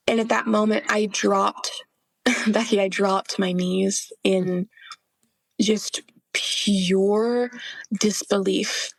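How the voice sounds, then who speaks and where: A woman's voice: mid-range voice, no room sound. A young adult woman, a podcast guest, earnestly telling a personal story with many fillers and acted-out quotes. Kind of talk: personal testimony in an interview.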